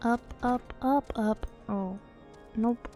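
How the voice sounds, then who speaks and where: A woman chatting playfully while she streams a game, joking and laughing at her own voices, over soft music. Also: a little high, fairly even intonation, slow. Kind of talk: casual live-stream commentary. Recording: faint game music behind.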